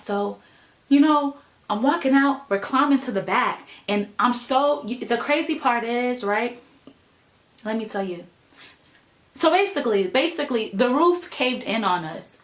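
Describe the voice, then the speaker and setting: A young woman tells a personal story vlog-style, animated and emphatic, peppering her speech with "like" and "right?" Her voice is on the high side and a little slow, and the sound is reverberant.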